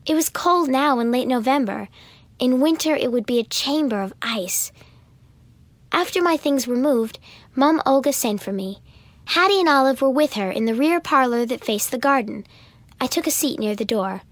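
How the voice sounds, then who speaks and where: A woman reads a storybook aloud in the first person, clear and even, with a high voice. The recording is close and dry, with no room sound. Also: moderate pace, no room sound. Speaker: audiobook narrator.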